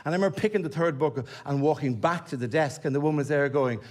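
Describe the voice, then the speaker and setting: Rapid-fire Irish man doing stand-up. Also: mid-range voice, darkish tone, slightly rough. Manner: rapid-fire conversational delivery. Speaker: stand-up comedian. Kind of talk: stand-up storytelling.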